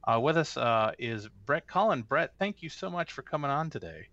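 A man's voice: medium pitch, expressive, moderate pace, a bit bright, dry recording, highs cut off. A man hosting an interview, asking rambling questions with many fillers. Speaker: interview host.

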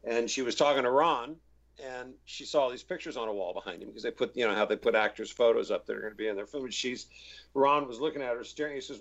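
A man's voice: mid-range voice, quick pace, dull audio. A man, an actor guest in an interview, telling stories casually and acting out the voices he quotes. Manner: animated anecdotes, acts out quoted voices.

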